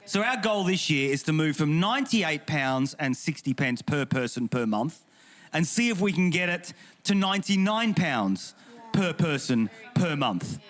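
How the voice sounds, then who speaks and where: English male pastor, slightly high voice, humorous and emphatic panel speaker. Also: sing-song, measured pace. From England. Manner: humorous, emphatic and indignant, with repeated restarts. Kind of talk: panel discussion talk.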